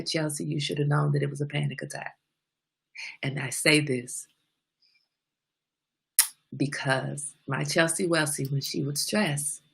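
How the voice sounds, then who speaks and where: A middle-aged woman hosting a casual live-stream talk, animated and laughing often. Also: deep voice, creaky, breathy edge.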